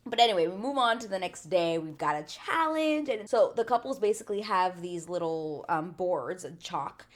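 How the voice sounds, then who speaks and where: This TV recap channel host speaks in a fairly low, expressive voice at a moderate pace. She's chatty and blunt, full of "like" fillers and curse words, in a casual vlog format.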